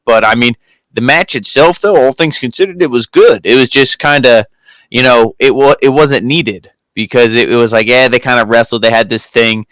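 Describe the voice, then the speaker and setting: A man's voice: mid-range voice, a bit bright, no room sound. A man co-hosting a review show, chatting casually and rambling with lots of "you know" fillers. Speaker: co-host of a wrestling review show. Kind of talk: casual chat.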